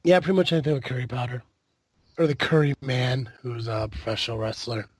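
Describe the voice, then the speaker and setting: A man's voice: mid-range voice, a little fast, breathy edge, no room sound. A man hosting a podcast in casual chat, loose, profane and jokey. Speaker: podcast host.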